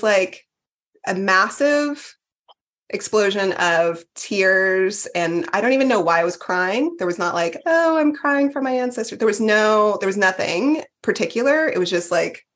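A woman's voice: medium pitch, a bit bright. A woman in her forties, a podcast guest sharing her retreat experience in a candid, chatty way with lots of fillers and restarts. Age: 40s. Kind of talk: casual podcast chat.

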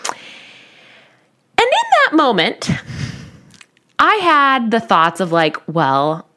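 A woman's voice: high voice, huge pitch swings, drawn-out words, pushed and bright. A woman in her thirties, a coach, candidly telling listeners a personal story in a self-deprecating way. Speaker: life coach.

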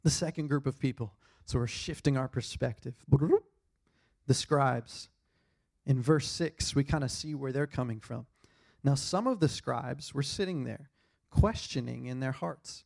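A man's voice: on the high side, unhurried, gravelly, darkish tone. A young man preaching a sermon in an earnest, conversational way, repeating his key points. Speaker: pastor.

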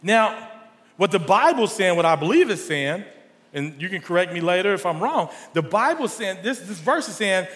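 High bright-voiced guy preaching, gets loud and lively, echoey big church. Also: normal speed. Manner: animated, rising to near shouts in stories. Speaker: pastor. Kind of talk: sermon. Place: large church hall. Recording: long hall reverb.

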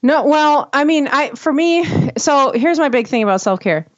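A woman's voice: sits high, animated, normal speed, no room sound, lo-fi sound. A woman, a mother of two, talking in a casual podcast conversation, rambling with lots of fillers and restarts. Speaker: mother of two sharing parenting experience.

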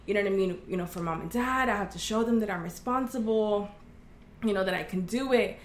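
A woman's voice: medium pitch, a little fast, slight background noise. A woman from Oklahoma giving a candid, earnest personal testimony as an interview guest, acting out the voices of people in her story. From Oklahoma, USA. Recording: echoey room.

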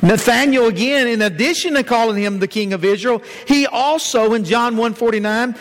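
A man preaches a sermon in a high voice, citing chapter and verse as he goes. He keeps turning to the congregation with rhetorical questions. His voice rings out with a long reverb, as in a large hall. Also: moderate pace.

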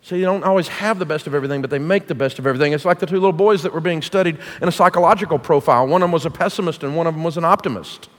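A man's voice: a little high, rapid-fire, hardly any pauses. A middle-aged man preaching as a guest speaker to a church congregation, folksy, punchy and jokey. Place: church auditorium. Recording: long reverb of a large hall.

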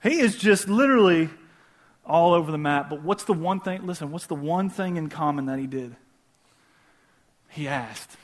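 A man's voice: fairly high pitch, lively intonation, moderate pace, pauses often. A man preaching a casual sermon, repeating key phrases for emphasis and talking directly to the audience with conversational asides.

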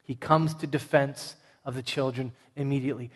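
A man preaching a sermon as pastor, emphatic, swinging from loud points to hushed ones. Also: mid-range voice, steady tone, moderate pace. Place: large church sanctuary. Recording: long reverb of a large church hall.

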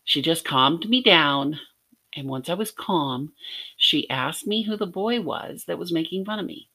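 A woman's voice: sits low, lively intonation, a little slow, bright, forceful tone, husky. A middle-aged woman from Arkansas teaching a devotional lesson, telling a personal story in an earnest way with light laughs. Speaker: podcast teacher.

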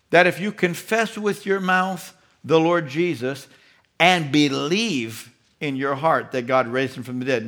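A man's voice: on the high side, a bit bright. A man preaching a sermon as pastor, emphatic and rhetorical with a preachy cadence.

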